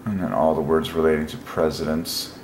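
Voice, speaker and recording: A man hosting a casual solo video, musing aloud and breaking into excited exclamations. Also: extremely low pitch, brisk. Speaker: religious video host. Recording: echoey room with faint noise.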